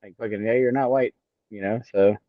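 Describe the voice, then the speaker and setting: A man's voice: lowish voice, steady tone, a little fast, no echo, narrow, tinny audio. Blunt, profane man in his forties. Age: 40s. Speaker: podcast co-host. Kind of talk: casual chat.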